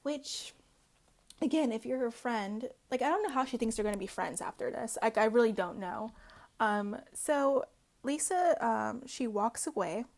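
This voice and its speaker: A woman recapping a reality show in loose, casual chat, her speech full of "like" and "um". Her voice sits a little high and often drops into a gravelly vocal fry. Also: animated, moderate pace. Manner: chatty, peppered with "like" and "um".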